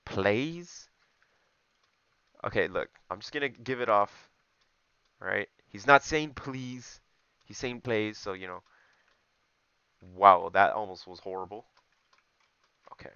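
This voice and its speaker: A man's voice: lowish voice, a little slow, long pauses, pushed and bright, clear, resonant tone, no room sound, muffled recording. A young man giving joking, rambling commentary over his gameplay, talking straight to his viewers. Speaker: gaming YouTuber.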